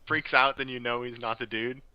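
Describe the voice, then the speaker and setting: A young man, a guest on a casual podcast, telling animated stories and laughing often. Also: mid-range voice, fairly quick, clear, resonant tone, no echo, lo-fi sound.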